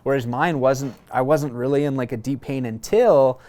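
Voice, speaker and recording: Man telling a war story, halting. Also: mid-range voice. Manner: relaxed, halting, many fillers and restarts. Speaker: guest, former Marine. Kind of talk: casual conversational storytelling.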